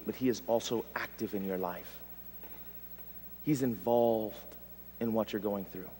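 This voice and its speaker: A male pastor preaching a sermon, swinging from loud emphasis to hushed tones. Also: fairly high pitch. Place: church sanctuary. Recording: long reverb of a church hall.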